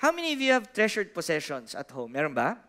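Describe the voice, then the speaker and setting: A man with a Filipino accent, preaching a sermon in church, animated and asking the congregation questions, moving between soft and loud. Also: sits high, fast talker. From Philippines. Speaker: pastor.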